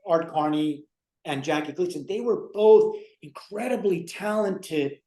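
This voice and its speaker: A man's voice: on the high side, measured pace, dark tone. A man in a casual chat, rambling through episode plots with lots of "you know"s. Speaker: guest co-host. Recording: roomy echo.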